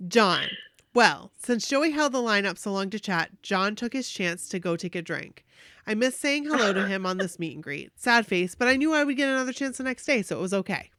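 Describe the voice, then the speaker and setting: A woman podcast host reading a listener's fan story aloud, animated and gushing, with emotional asides. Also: mid-range voice, fairly quick, no room sound, studio quality.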